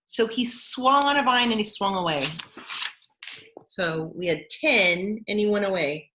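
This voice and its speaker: A young adult woman, a music therapist, telling a silly story and teaching young children in a slow, exaggerated, playful way with gasps and exclamations. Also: mid-range voice, big pitch swings, a bit bright, slight background noise. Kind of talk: sing-song children's lesson and storytelling.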